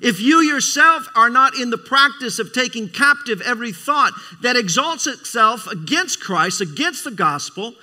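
A man's voice: extremely high pitch, animated, moderate pace, few pauses, pushed and bright. A middle-aged man preaching a sermon, emphatic, repeating phrases and calling for amens. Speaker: preacher, Christian school leader.

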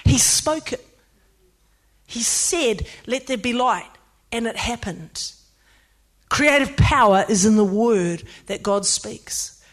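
A woman pastor, preaching a sermon in an emphatic, lively way with playful asides. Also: on the high side, slow pace, pauses often.

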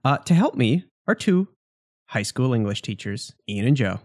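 Easygoing man host, lively voice. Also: mid-range voice, moderate pace, no echo, studio quality. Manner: easygoing, laughs often, short quips. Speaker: podcast host. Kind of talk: casual podcast chat.

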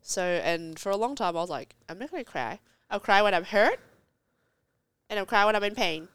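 A woman's voice: medium pitch, expressive, normal speed, fairly bright tone, clean tone, no room sound, clean studio sound. A woman in her thirties, a podcast guest chatting casually and telling stories with laughter and expression. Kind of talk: casual chat.

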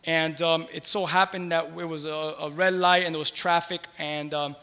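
A male pastor preaching a sermon and telling a personal story in an animated way that builds to loud exclamations. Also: fairly high pitch, moderate pace, clean tone, long reverb tail.

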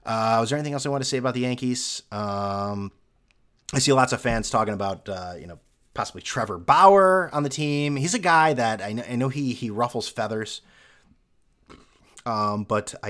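A man's voice: medium pitch, a bit bright. A young man hosting a solo sports podcast, ranting in a sarcastic, mocking way. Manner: sarcastic, mocking, with mimicked fan voices. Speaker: podcast host.

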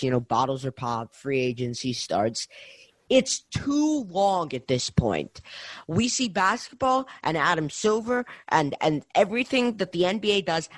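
A man's voice: fairly high pitch, dry recording. A young man co-hosting a casual sports podcast, ranting with heat and repeating himself. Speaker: podcast co-host.

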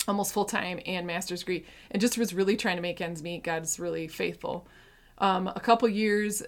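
Earnest woman sharing emotional testimony. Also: lowish voice. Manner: earnest, heartfelt, shifts between hushed and intense. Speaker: Christian speaker sharing testimony.

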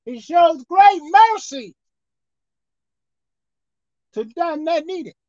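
Woman pastor, high expressive sermon voice, soft to shouting, dull dry recording. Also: takes it slowly, no room sound. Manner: preaching with dramatic swings from soft to shouted.

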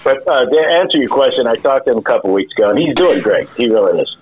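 A man's voice: medium pitch, lively intonation, quick pace, a little mellow, breathy edge, low-quality recording. A man telling a funny story in casual podcast chat, laughing often and repeating his words as he goes. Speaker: podcast guest.

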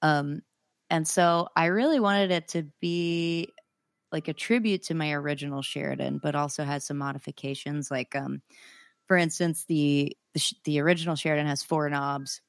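A woman's voice: deep voice, steady tone, normal speed, no room sound. A young woman, a singer-songwriter guest, chatting casually and enthusiastically with lots of fillers. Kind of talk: casual interview chat.

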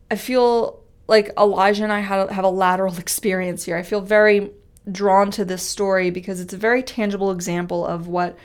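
A woman giving a devotional Bible teaching, earnest and conversational, who repeats key phrases for emphasis and reads scripture slowly and weightily. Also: mid-range voice. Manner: reads scripture aloud with slow, weighty delivery. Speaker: speaker teaching a Bible study.

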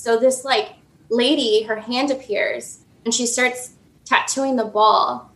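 A woman's voice: fairly high pitch, fairly even intonation, slow pace, a bit bright, echoey room. A young woman in her twenties telling a personal dream story casually, full of "like" and restarts. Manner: rambling, emotional, filler-heavy.

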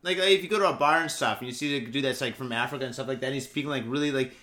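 A man's voice: medium pitch, very fast, sharp tone. A man co-hosting a podcast in casual chat, rambling with constant swearing and filler words. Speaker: podcast co-host.

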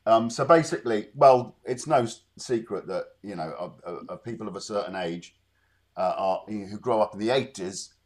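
Low-voiced, hesitant man. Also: normal speed. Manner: rambling, hesitant with many fillers. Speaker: guest musician. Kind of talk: casual podcast chat.

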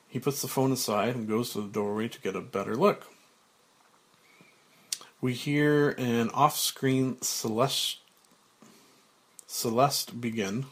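A man reading a screenplay aloud, voicing stage directions in an unhurried way. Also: mid-range voice, breathy edge. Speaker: script reader.

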